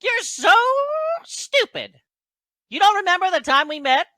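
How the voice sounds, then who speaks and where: A man squeaking as a hot-headed halfling. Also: wildly swooping pitch, takes it slowly, creaky, dry recording, full character voice. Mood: indignant. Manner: shrill and squeaky, yelling indignantly. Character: excitable, hot-headed male halfling adventurer.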